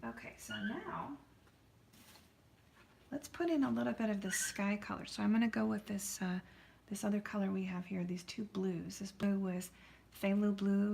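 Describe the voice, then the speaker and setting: A woman's voice: mid-range voice, vocal fry, a little mellow. Chatty American woman in an echoey studio. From United States. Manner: rambling and friendly, talks to viewers by name. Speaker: artist hosting a live painting stream. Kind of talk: chatty live-stream talk while painting. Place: art studio.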